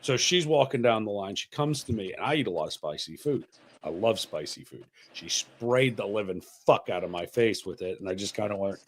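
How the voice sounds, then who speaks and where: A man hosting a casual podcast, telling a crude story with lots of swearing and animated asides. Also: fairly low pitch, normal speed. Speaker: podcast host.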